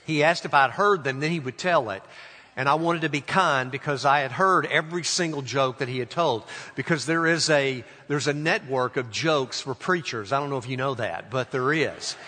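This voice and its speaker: A male pastor preaching a sermon, telling stories and acting out the voices in them, slowing down for emphasis. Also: mid-range voice, pushed and bright. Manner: acts out voices in anecdotes, slows for emphasis. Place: church sanctuary. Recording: long hall reverb.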